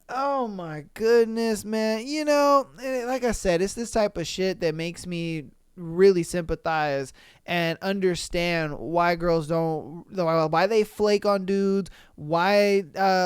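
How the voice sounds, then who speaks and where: A man hosts a casual podcast, reading listener stories and then reacting. His voice is smooth and clear, with a slow, drawn-out delivery. He is recorded close and dry with no room sound, and he breaks into loud, slangy exclamations of disbelief. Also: high voice, no room sound. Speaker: podcast host.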